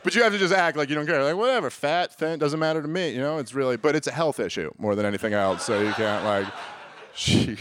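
A man's voice: medium pitch, quick pace, fairly bright tone, a little hiss or hum. A man in his thirties doing a stand-up comedy set, rambling and self-deprecating, often restarting his sentences and acting out little exchanges.

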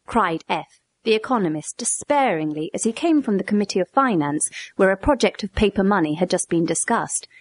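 A woman with a mid-range voice reads a dialogue aloud, expressive and clear, her voice lifting in the questions. The recording is dry and close, with no room sound. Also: medium pitch, fairly quick, no echo. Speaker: narrator. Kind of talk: read-aloud dialogue narration.

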